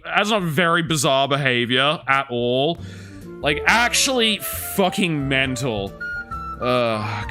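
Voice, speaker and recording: A man's voice: on the high side, pushed and bright. A man streaming and reacting to clips in casual talk, sarcastic and sweary.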